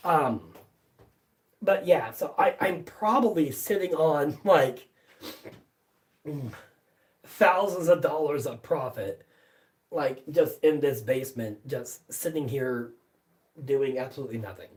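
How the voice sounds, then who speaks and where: A live-stream host talks slowly and loosely from a basement workshop, full of fillers, restarts and offhand swearing. The voice sits at a middling pitch and sounds set back from the microphone. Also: distant mic. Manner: rambling, many fillers and restarts, casual swearing. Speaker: livestream host. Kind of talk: casual live-stream chat.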